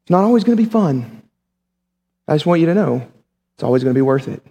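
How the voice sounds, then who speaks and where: A male pastor preaching a sermon in a lively, conversational way, with humorous asides. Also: a little high, fast talker, vocal fry. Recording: long hall reverb.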